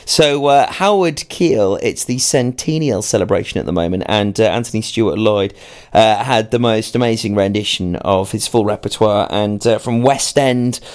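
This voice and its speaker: A man's voice: fairly low pitch, normal speed, darkish tone. Male radio presenter, upbeat and promotional, lots of "uh" fillers. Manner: enthusiastic, filler-heavy, promotional. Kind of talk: casual on-air chat.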